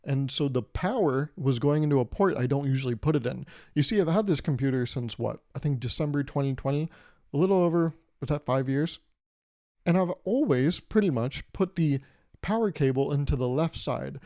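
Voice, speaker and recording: A man's voice: on the high side, lively intonation, normal speed, mellow, no room sound, studio quality. A young man hosting his own podcast, rambling through a casual, profane and jokey monologue. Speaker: podcast host.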